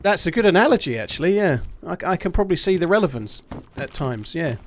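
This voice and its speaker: A man's voice: on the high side, big pitch swings, brisk. A man chatting casually on a live game stream at home, swearing freely and thanking his supporters. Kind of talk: casual live-stream chat while gaming.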